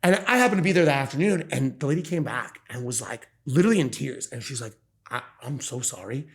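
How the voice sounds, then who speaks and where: A man's voice: medium pitch, quick pace. Earnest man telling stories. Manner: earnest, animated storyteller acting out quoted voices. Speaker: podcast host. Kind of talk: casual conversation, storytelling.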